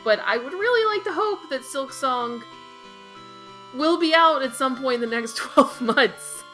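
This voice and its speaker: A woman co-hosting a podcast in casual chat, talking in quick, sardonic asides. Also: sits high, lively intonation, bright, forceful tone, soft background music. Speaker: podcast co-host.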